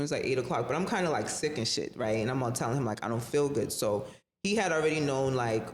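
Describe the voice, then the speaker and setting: A very deep-voiced woman talks fast, sharing a personal anecdote as a guest on a podcast. She keeps it casual, full of slang and swearing, animatedly impersonating the people she quotes. The room is reverberant, with a little background noise.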